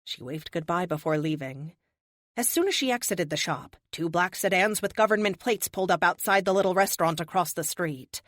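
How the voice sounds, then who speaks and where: A woman narrating an audiobook with steady, expressive storytelling. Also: lowish voice, a little fast, no echo, clean studio sound. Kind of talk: scripted narration.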